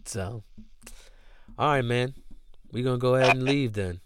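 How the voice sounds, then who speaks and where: A man's voice: medium pitch, normal speed, very noisy. A man hosting a casual podcast, laid-back and slangy, rambling with lots of restarts. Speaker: podcast host. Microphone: podcast microphone.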